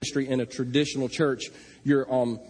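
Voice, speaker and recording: A man preaching a sermon, telling a joking, animated story. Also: mid-range voice, brisk, husky. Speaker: pastor.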